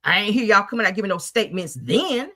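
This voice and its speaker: On her heated commentary show, a woman rants in emphatic, profane bursts. Her voice is bright and sharp, swinging widely in pitch, with lively intonation and a quick pace.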